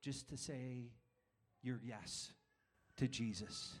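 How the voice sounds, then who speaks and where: An adult man, a father of young children, preaches a sermon and tells a self-deprecating personal story, frequently restarting his sentences. His voice is medium in pitch and his pace is measured.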